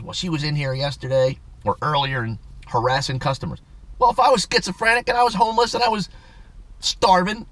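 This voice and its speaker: Casting note: man, vlog host, rambling rant, mid pitch. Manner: ranting, swears then apologizes, animated. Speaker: channel host. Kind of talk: casual rambling vlog talk.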